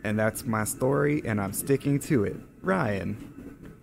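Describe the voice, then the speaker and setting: A man co-hosting a podcast in casual chat, slightly hoarse from being sick, rambling with many hesitations. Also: lowish voice, takes it slowly, noisy background. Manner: rambling, hesitant, lots of ums. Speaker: podcast co-host.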